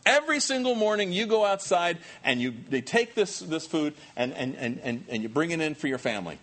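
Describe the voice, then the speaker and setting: Animated male preacher with lively pitch. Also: brisk. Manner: animated, acts out quoted voices, self-deprecating humor. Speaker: pastor. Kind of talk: sermon.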